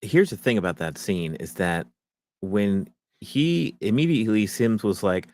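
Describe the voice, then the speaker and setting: A man with a lowish voice chats casually on a podcast he co-hosts. He rambles along and drops his voice when acting out what others said. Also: expressive, unhurried, a little mellow. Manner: rambling, acts out quotes in a lowered voice. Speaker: podcast co-host. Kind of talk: casual chat.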